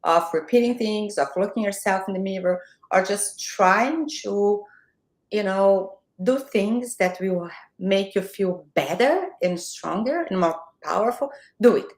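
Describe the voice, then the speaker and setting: A woman with a Brazilian Portuguese accent speaks in a mid-pitched voice, giving direct, emphatic advice as a guest. Her voice carries the echo of a reverberant room heard through a video call. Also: expressive, unhurried. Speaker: guest, marketing mentor. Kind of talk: motivational interview talk. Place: home, morning video call.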